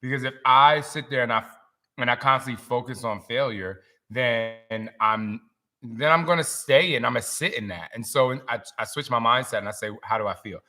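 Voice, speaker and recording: A man in his forties hosting a casual live-stream chat, telling stories in an animated, emotional way. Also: mid-range voice, normal speed.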